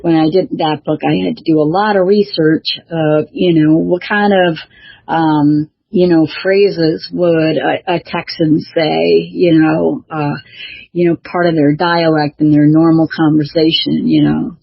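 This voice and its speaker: Husky, hesitant woman author. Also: sits low, steady tone, a little slow, no echo. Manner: hesitant, full of fillers and restarts. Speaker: author and show host. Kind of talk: casual chat. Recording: dull lo-fi dry recording.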